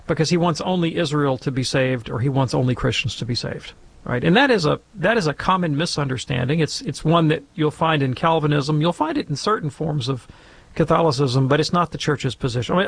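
A man with a gravelly edge and a fairly high voice answers a caller on a call-in radio show. He explains with everyday examples, keeps asking "right?", and grows animated as he makes his point. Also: a little hiss or hum.

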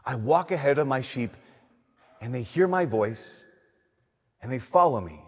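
A young adult man giving a sermon, telling animated stories and swinging between loud emphasis and soft, slow lines. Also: mid-range voice, husky. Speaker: Catholic priest. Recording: long reverb of a church.

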